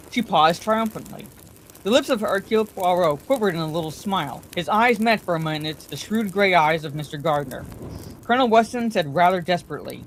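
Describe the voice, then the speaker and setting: A woman reading a novel aloud as a bedtime story, in a measured, calm way. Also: on the low side, slight background noise.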